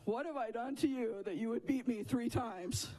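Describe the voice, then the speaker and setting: A man's voice: extremely high pitch, normal speed, a little mellow, pitched above the performer's own voice, low-quality recording. A man voicing a put-upon male donkey who pleads with his rider in bewildered questions. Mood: indignant.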